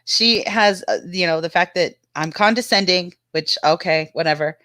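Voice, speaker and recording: A woman chatting on a live stream with a bright, forceful voice, breaking into laughter mid-sentence and swearing casually. Her voice sounds dry and close, with no room echo. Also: lowish voice, moderate pace. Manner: laughs often while telling stories, swears freely. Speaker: panel co-host.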